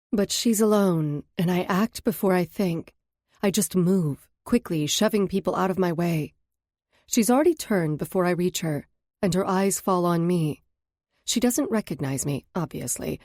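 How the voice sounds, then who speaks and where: Low, mellow woman reading an audiobook. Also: dry recording, clean studio sound. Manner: measured, introspective storytelling. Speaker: audiobook narrator. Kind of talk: first-person romance audiobook narration.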